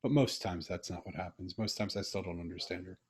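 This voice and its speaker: Middle-aged guy on a video call, husky voice, earnest storyteller. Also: deep voice, brisk. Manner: earnest storytelling, animated when quoting himself. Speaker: interview host.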